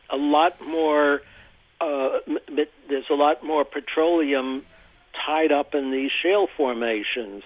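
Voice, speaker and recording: A man with a slightly high voice, heard over a tinny, phone-like line in a dry, close sound. He explains at length and keeps restarting and repeating words as he thinks. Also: dry recording. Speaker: interview guest, energy commentator. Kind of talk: phone-in radio interview.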